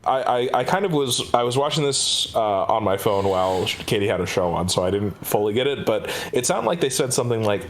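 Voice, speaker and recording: A man's voice: expressive, a little fast, hardly any pauses, slight background noise. A man co-hosting a podcast, recapping a trailer in casual chat, hesitant with lots of fillers. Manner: rambling, hesitant with many fillers, jumps high for quoted voices. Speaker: podcast co-host.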